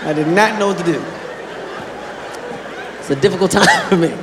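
Profane stand-up comedian, high voice. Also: male voice, normal speed. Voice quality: loud, profane, playful. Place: comedy club stage. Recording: live comedy club, crowd and noise, reverb.

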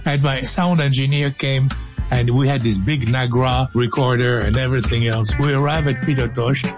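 A man's voice: medium pitch, steady tone, moderate pace, over music. A man hosting a radio show in a studio, joking and laughing through outtakes and stories, sometimes slipping into a sing-song voice. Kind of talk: playful studio banter and storytelling.

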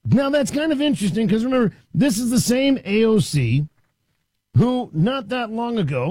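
Sarcastic talk radio guy, high lively voice, dry studio sound, middle-aged. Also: husky, no room sound. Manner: sarcastic, mocking, conversational. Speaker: radio talk show host. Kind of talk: opinionated talk radio monologue.

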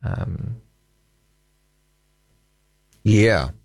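Talkback host, Kiwi man, lively up-and-down voice, dry close studio sound. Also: fairly low pitch, very slow, creaky, slightly rough, no room sound. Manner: musing, chatty, reads out listener texts. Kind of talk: casual late-night radio chat. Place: radio studio.

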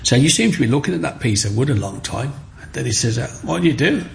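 A middle-aged man, chatting as an interview guest and telling his story in a lively way, acting out the voices of people he quotes. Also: medium pitch, fast talker, creaky, slight background noise. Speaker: guest, micro-sculptor.

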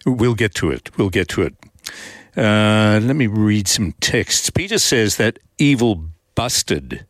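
A man hosting talkback radio, reading listener texts aloud in a wry, unhurried way. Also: lowish voice, expressive, a bit bright, dry recording, clean studio sound. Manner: wry, unhurried, hesitant with fillers. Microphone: studio microphone.

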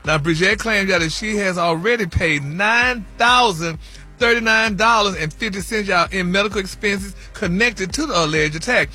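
A man's voice: sits high, moderate pace, sharp tone. A man reading celebrity news on a radio morning show in a flamboyant, sing-song way, full of "y'all" and "honey".

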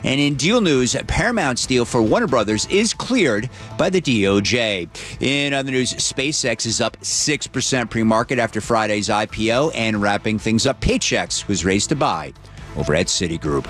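A man reporting markets from a news desk, reading figures in a steady, crisp way. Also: mid-range voice, moderate pace, faint music behind.

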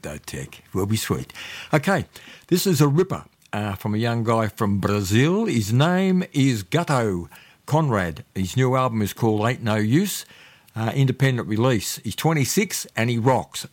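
A man's voice: medium pitch, very animated, normal speed. An older man, hosting a radio music show in a chatty, rambling way with lots of "uh" fillers. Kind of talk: casual radio music presenting.

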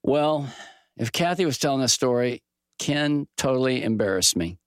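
A middle-aged man talks through scripture in a folksy, conversational way, slipping into animated voices for quoted dialogue. His voice sits at an ordinary pitch and sounds dry and close. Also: normal speed, clean tone, no echo. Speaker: Bible teacher. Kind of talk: conversational Bible teaching with stories.

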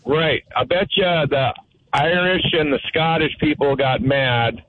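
A man calling in to a radio show, chatting in a relaxed, halting way. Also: fairly high pitch, dry recording. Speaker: caller. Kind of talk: casual phone-in chat. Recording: tinny phone line with faint hiss.

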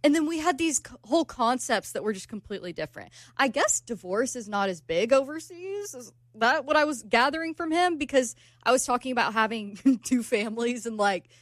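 Young woman co-host, high and bright, animated storyteller, dry studio sound. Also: fairly quick, hardly any pauses, no room sound. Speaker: radio show co-host. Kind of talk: casual storytelling on radio.

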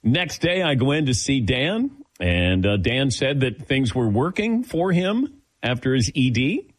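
An older man hosts a sports talk show, telling stories on air in a casual, animated way and acting out the dialogue he quotes. His voice is mid-range and his pace measured.

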